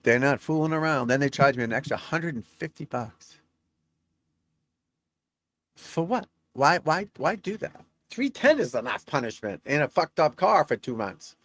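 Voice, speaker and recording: A man's voice: fairly high pitch, lively intonation, moderate pace, fairly bright tone, no room sound. A middle-aged man, a golf instructor, chatting on a live stream, reading out scores and talking to viewers in a rambling, talkative way.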